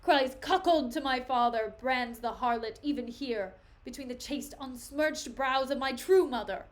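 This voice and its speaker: A woman voicing a furious young nobleman who loudly demands vengeance, declaiming defiantly. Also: high-pitched, measured pace. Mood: enraged.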